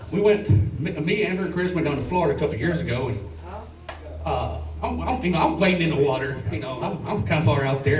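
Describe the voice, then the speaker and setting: A man with a Southern accent doing a stand-up set in a comedy club, rambling and stammering through restarts, swearing and chuckling at his own lines. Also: on the high side. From Alabama and Tennessee. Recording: roomy club sound, from a distance.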